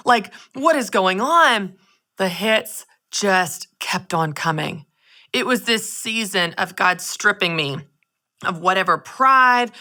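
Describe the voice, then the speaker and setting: A woman hosting a show, telling a personal faith story in a candid, chatty way that swings between loud exclamations and soft near-whispers. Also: mid-range voice. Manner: candid, chatty, addresses listeners as "y'all". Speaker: podcast host.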